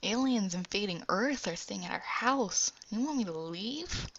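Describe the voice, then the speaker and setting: A woman's voice: mid-range voice, expressive, measured pace, fairly bright tone. A woman voicing an eager, teasing young girl. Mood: excited. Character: excited young girl, bold and playful. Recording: dull lo-fi recording.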